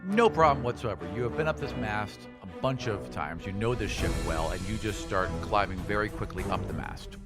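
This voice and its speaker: A man's voice: on the low side, expressive, fairly quick, hardly any pauses, loud music behind the voice. A man narrating a tabletop game as game master, painting gory scenes in a casual way. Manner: vivid, gory scene-setting with casual fillers.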